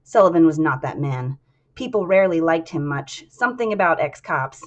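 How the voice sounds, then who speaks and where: A woman with a slightly low voice reads a novel aloud for her stream. She speaks softly and quietly, pausing with casual fillers between passages. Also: lively intonation, muffled recording.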